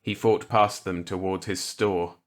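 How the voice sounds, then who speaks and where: Slow, low-voiced male narrator. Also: level tone. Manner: measured, grim storytelling. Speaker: audiobook narrator. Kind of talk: scripted narration.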